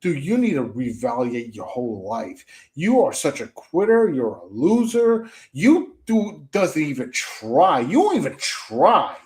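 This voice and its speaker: A man's voice: fairly high pitch, sing-song, measured pace, hardly any pauses, a little mellow. A young man ranting on a commentary stream, trash-talking with mocking jabs, stumbling restarts and repeated phrases.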